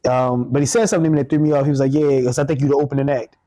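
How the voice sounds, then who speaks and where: A man's voice: mid-range voice, fairly even intonation, very fast, dark tone, no room sound. A man, a comedian, telling a funny story in casual chat, acting out the people he quotes, with many restarts. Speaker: comedian guest.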